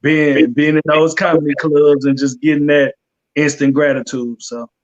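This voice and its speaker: A man's voice: fairly high pitch, level tone, normal speed, lo-fi sound. A man, a comedian guest, answering casually and hesitantly with lots of ums.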